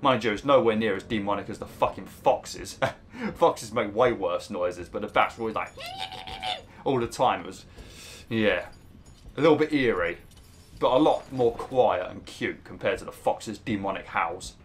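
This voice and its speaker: Gamer guy rambling over gameplay, lowish voice, faint hum behind. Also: expressive, moderate pace. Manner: rambling, chatty, swears and laughs often. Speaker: gaming YouTuber. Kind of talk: casual gameplay commentary.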